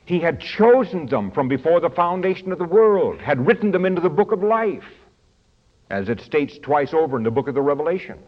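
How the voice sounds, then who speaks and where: A man preaching a sermon in an auditorium, working through a study booklet, stretching key words slowly and rushing through asides. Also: on the high side, very animated, muffled recording. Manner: emphatic, swings between slow stressed phrases and quick asides. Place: large auditorium.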